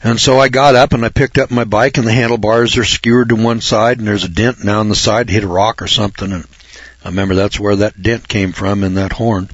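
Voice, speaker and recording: A man's voice: fairly low pitch, fairly even intonation, a little fast, breathy edge, no echo. An older man from Northern California, a reporter, telling a folksy personal story and repeating words for emphasis. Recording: dull lo-fi recording.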